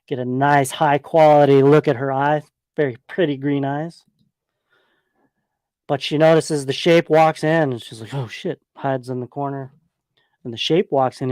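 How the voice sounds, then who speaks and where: A man's voice: a little high, darkish tone, clean tone, dry recording. A man hosting a podcast, giving a loose, profane, rambling play-by-play of a horror movie. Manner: casual, profane, rambling with fillers. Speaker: podcast host. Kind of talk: casual movie retrospective commentary.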